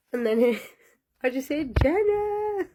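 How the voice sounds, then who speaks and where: A young woman telling a personal story in a casual, lively way, often breaking into laughter. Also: medium pitch, normal speed, slight background noise.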